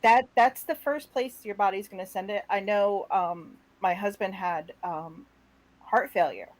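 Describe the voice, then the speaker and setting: A woman co-hosting a casual talk show, telling a story with lively acted-out quotes. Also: medium pitch, measured pace, rough recording. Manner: animated storyteller, acts out quotes. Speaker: co-host. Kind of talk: casual chat.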